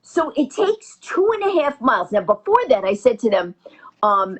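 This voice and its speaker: A woman telling a comic story as an interview guest, fast and lively with punchy delivery. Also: medium pitch, husky. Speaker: guest comedian.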